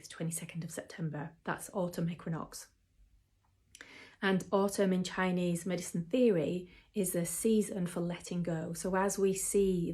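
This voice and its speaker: A woman who teaches mindfulness and acupressure in a gentle, chatty way, with frequent ums. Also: fairly low pitch. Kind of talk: relaxed instructional talk to camera.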